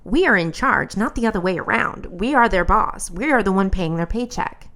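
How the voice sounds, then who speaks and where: A woman host telling a personal story as commentary, in an animated, blunt and exasperated way. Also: medium pitch, normal speed.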